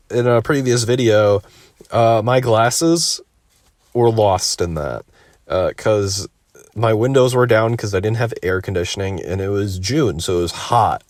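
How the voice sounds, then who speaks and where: Young man, slightly low voice, dry close sound, laid-back rambling storyteller who swears a lot. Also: a little mellow, dry recording. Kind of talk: casual storytelling.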